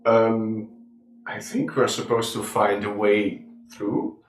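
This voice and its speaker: A man playing a tabletop game, talking hesitantly with many pauses and ums. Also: on the low side, little pitch movement. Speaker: player. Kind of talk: tabletop role-play. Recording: echoey room, far from mic.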